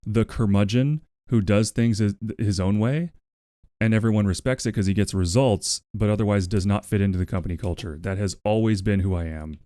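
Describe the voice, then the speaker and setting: A man's voice: fairly low pitch, a little fast, dark tone, no room sound, clean studio sound. A man casually chatting with his stream audience, rambling and wry, swearing freely and talking to his pet. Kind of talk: casual livestream chat with a co-working audience.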